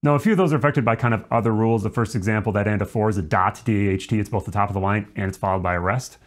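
A man's voice: on the low side, rapid-fire. A man teaching a music lesson, explaining rules step by step and now and then singing short syllables to demonstrate. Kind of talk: instructional explanation.

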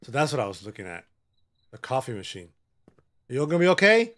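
A man's voice: mid-range voice, very animated, fairly quick, long pauses, fairly bright tone. A man giving joking, sassy commentary while he plays a horror game, bantering with the characters on screen. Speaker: gaming channel host.

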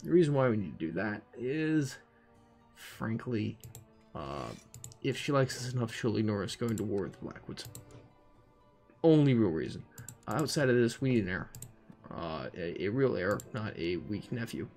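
A man's voice: lowish voice, very animated, normal speed, pauses often, darkish tone, soft background music. A man giving casual, profane commentary while playing a strategy game, thinking aloud with dry asides. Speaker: gaming commentator. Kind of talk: casual let's-play commentary.

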